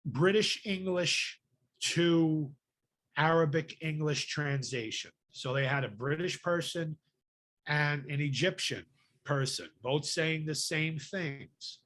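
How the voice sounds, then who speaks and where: A man's voice: a little high, slow, a bit bright. Profane ranting man. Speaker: podcast host. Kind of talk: casual chat.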